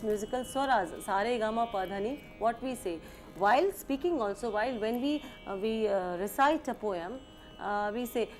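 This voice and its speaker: A woman with an Indian accent giving a music lecture, halting and full of fillers, sometimes switching into Hindi phrases. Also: on the high side, darkish tone. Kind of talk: educational lecture.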